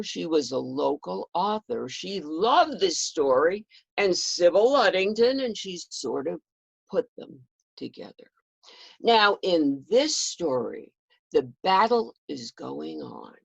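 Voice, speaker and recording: A woman's voice: deep voice, gravelly, slightly rough, no room sound. A woman telling a historical story in the first person, with dramatic, emotional delivery. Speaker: historical portrayer. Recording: dull lo-fi recording.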